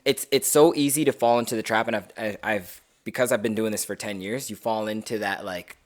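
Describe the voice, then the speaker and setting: A man's voice: lowish voice, steady tone, fairly quick. A young man, a barber co-hosting a podcast, talking in a laid-back, rambling way with many restarts. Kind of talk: casual chat.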